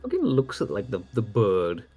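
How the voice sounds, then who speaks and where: A man's voice: lowish voice, wildly swooping pitch, normal speed, mellow, faint music behind. A man playing a tabletop game, narrating his character in a casual, laughing way and swearing freely. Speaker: player.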